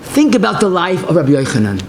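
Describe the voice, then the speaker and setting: A man's voice: high-pitched, huge pitch swings, fast, a little hiss or hum. A man giving a passionate Torah lecture as a rabbi, telling stories in mixed with Hebrew and phrases.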